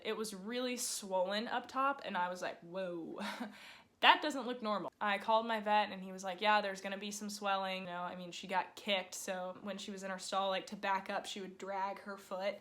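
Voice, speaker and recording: Medium in pitch and a bit bright, this young woman's voice carries a loose, chatty story; she's a vlogger and horse owner. Lots of "like" fills her lines, and she performs the quoted words of the people involved.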